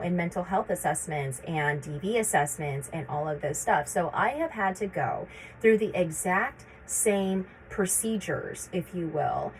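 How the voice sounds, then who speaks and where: A woman in her thirties vlogs a personal story to camera, urgently repeating herself as she voices the anxious thoughts she had. Her voice is fairly low, with slight background noise and poor audio quality.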